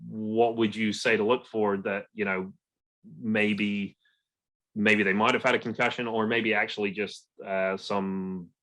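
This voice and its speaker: A man's voice: fairly low pitch, level tone, unhurried, fairly bright tone. A man hosting a podcast interview, asking a long, hesitant question and searching for his words. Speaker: podcast host.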